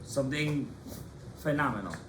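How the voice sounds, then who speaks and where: A man, a rabbi, giving a lively Torah class to students in a study hall, animated and impassioned, calling on his students by name. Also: mid-range voice, normal speed, background noise.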